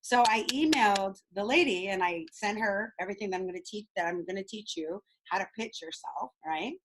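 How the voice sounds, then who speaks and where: A woman leading a group coaching call over video, bubbly and excitable, laughing often. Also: medium pitch, fairly quick, poor audio. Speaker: speaking coach.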